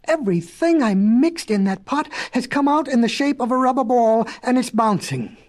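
A woman doing an excitable old-fashioned professor. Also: fairly high pitch, moderate pace, lightly acted. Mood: excited. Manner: excited, stammering, exclaiming. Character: excitable absent-minded male professor inventor. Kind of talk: storybook reading.

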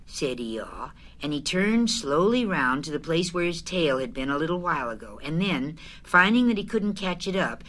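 A woman narrating a storybook chapter aloud in an expressive, unhurried way. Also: low voice.

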